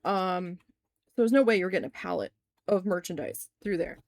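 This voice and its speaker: A woman's voice: fairly low pitch, fairly quick, gravelly, darkish tone, dry recording, clean studio sound. A young woman telling a story in a casual crafting vlog, candid and swearing freely, often saying "like".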